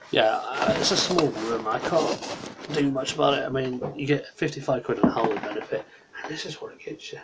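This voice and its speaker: A man's voice: mid-range voice, moderate pace, heavy background noise. A tired man rambles through a late-night livestream from his small bedroom. He drifts from topic to topic and stops to answer his chat.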